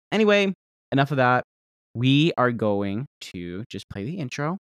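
A man's voice: medium pitch, very animated, unhurried, smooth, no room sound. Rambling Southern man, dry close mic. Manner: rambling, profane, self-deprecating, jumps between loud outbursts and mutters. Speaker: podcast host. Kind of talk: casual solo podcast rant. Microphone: desk microphone held close.

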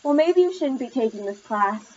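A woman's voice: high voice, animated, normal speed, darkish tone. A woman voicing an anxious, protective mother who is strict, read in an insistent, edgy way. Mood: worried. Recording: slightly muffled lo-fi recording.

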